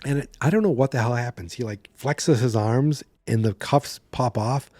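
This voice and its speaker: A man hosting a horror movie podcast, recapping a film in a chatty, animated way and slipping into quick voices for the characters. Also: mid-range voice, no echo.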